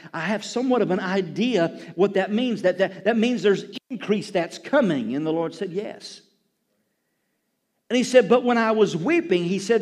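A man preaching a sermon as pastor, telling a story and building to loud, impassioned exclamations. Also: sits high.

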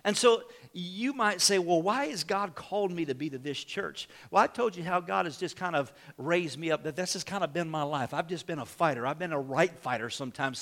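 Male pastor, sermon, bright edgy voice, pitched a little high, bursts into shouts. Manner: fiery preaching, shouts and exhortations.

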